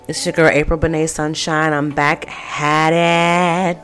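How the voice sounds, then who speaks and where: A woman with a low voice hosts a casual vlog. She reads out advice and reacts with blunt, profane candor. She trails off into plenty of fillers as she goes. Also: flat delivery, measured pace, fairly bright tone, faint music behind. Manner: candid and profane, with frequent fillers. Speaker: vlog host. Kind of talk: casual chat, reading out viewer advice.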